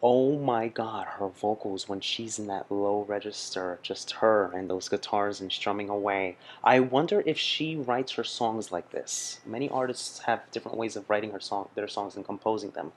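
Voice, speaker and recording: A man hosting a music reaction video, talking in a casual, gushing way with lots of fillers and restarts. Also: lowish voice.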